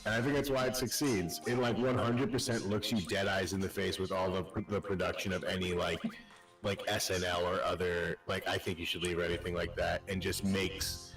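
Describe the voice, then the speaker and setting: Male streamer, lower voice, giggly, foul-mouthed storyteller, roomy echo. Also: level tone, a little fast, gravelly, fairly bright tone, faint music behind. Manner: laughs often, retells comedy sketches, swears casually. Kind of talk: casual chat while gaming.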